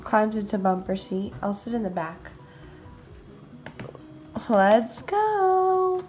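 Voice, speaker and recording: A woman hosting a game roleplay video, talking casually and excitably as a mom, with frequent exclamations. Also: medium pitch, normal speed, faint music behind.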